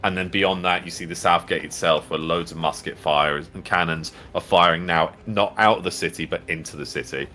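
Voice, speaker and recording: A man's voice: sits low, steady tone, brisk, hardly any pauses, sharp tone. A man narrating as game master, rambling and full of fillers.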